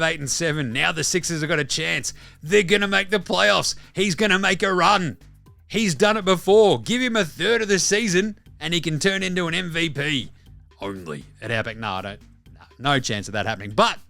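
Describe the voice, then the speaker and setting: This Australian man hosts a basketball podcast in a slightly high, gravelly voice that sounds pushed and bright. His commentary is casual, rambling, blunt and full of swearing.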